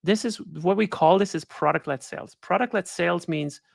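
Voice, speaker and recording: A woman's voice: on the low side, moderate pace, creaky, no echo, clean studio sound. A woman giving a conversational webinar talk as guest speaker, often checking in with her listeners by asking "right?". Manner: conversational, keeps adding "right?" tag questions. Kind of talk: webinar presentation.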